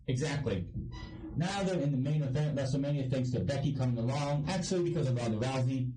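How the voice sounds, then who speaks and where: A man's voice: medium pitch, fairly quick, echoey room, far from the mic, a crowd in the background, poor audio. Blunt, ranting man from Ohio. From Ohio, United States. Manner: blunt, ranting, swears freely. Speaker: wrestling show reviewer. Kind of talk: casual review monologue.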